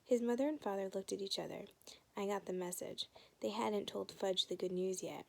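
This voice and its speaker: A woman reading a children's novel aloud in a soft, often half-whispered way. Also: medium pitch, normal speed, creaky. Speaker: reader.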